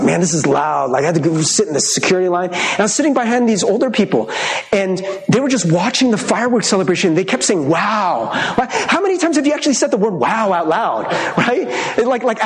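Man, pastor, high voice, lively swinging pitch, conversational sermon, echoey room. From Michigan. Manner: conversational and animated, with frequent laughs.

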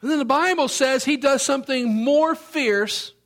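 A man, from Memphis, Tennessee, preaching a sermon as an animated storyteller who acts out the scenes. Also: very high voice, normal speed.

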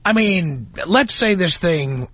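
A male radio host in casual studio chat, reasoning things through in a measured way. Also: high voice, animated, a bit bright, slightly rough, dry recording. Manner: measured, reasoning, says "I mean" and "look".

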